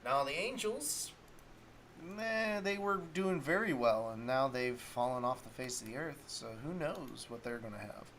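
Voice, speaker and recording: His mid-range voice is expressive and a bit bright, delivered at a measured pace over a light hiss or hum. He's a sports talk show host going solo on a stream, rambling casually and reasoning aloud while searching for stats.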